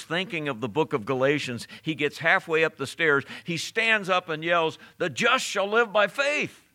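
A man's voice: mid-range voice, pushed and bright. A man preaching a sermon as a pastor, emphatic and direct, asking his listeners rhetorical questions.

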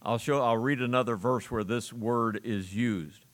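A man preaching a sermon as pastor in a church, measured and explanatory, stressing key words. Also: medium pitch, fairly even intonation.

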